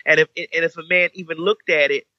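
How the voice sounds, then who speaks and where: A young woman telling a story in casual chat, animated and campy, jumping up to a high squeaky voice for the people she quotes. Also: quick pace, dry recording, dull audio. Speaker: podcast guest telling a story.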